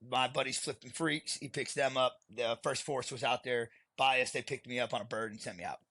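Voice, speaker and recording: A man's voice: mid-range voice, steady tone, fairly quick, pushed and bright, no room sound. A retired Marine sergeant, a man, is a podcast guest telling war stories in a blunt, profane way and often laughing while he talks. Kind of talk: candid storytelling interview.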